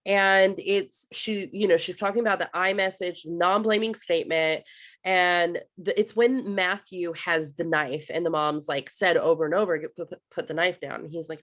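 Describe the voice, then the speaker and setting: A woman with a somewhat low voice leads a relaxed book discussion over a video call. She talks in a chatty, enthusiastic way, with plenty of fillers as she thinks aloud. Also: normal speed. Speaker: discussion group leader.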